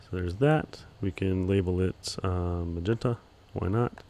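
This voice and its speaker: Low-voiced, monotone man teaching software. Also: unhurried. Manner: calls his own voice monotone, relaxed, many ums. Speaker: video editing instructor. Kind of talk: screen-recorded software tutorial.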